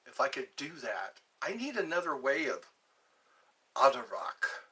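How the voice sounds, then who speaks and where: A man's voice: fairly high pitch, big pitch swings, normal speed, bright, forceful tone. A man hosting his own casual vlog, musing aloud and drifting from one topic to the next. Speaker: channel host. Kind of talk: casual solo vlog chat. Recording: voice a bit far from the mic.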